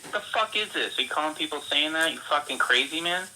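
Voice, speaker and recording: A man's voice: on the high side, animated, fast, sharp tone, slight background noise. A man on a phone call, angry and profane, stammering and repeating himself. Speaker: prank call target. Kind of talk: phone conversation.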